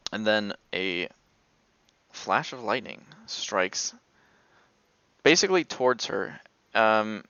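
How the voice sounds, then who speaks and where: A man's voice: fairly low pitch, vocal fry, pushed and bright, clear, resonant tone, no echo, muffled recording. A man narrating a tabletop game as game master in a rambling, filler-heavy way.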